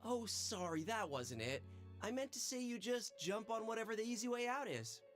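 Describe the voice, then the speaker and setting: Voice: medium pitch, animated, normal speed, soft background music, natural voice. An actor voicing a sneering, mocking teenage boy in a video game, taunting and cold. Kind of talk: game voice acting.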